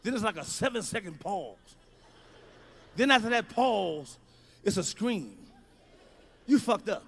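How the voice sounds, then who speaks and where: A man works through a stand-up routine, loud and profane. His voice sits very high and comes out sharp and forceful. He tells his stories by acting out the people in them. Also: expressive, unhurried, long pauses. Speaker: stand-up comedian. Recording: archival stand-up clip.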